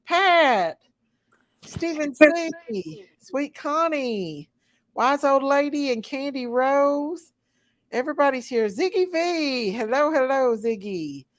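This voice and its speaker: A woman's voice: sits high, no echo. Lady hosting a late night live chat, chatty and giggly, dry mic. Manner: chatty, greets viewers one by one, laughs often. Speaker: livestream host.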